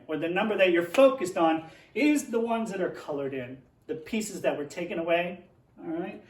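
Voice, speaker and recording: A man's voice: sits high, roomy sound, recorded from a distance. A man teaching young children, playfully reading a tongue-twister picture book aloud and then explaining a math lesson at a board.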